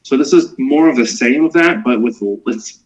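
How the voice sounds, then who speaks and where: A man's voice: mid-range voice, normal speed. A man giving his picks on a gaming podcast, hesitant and full of ums. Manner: hesitant, filler-heavy. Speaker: podcast panelist. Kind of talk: casual gaming podcast chat. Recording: dull lo-fi recording.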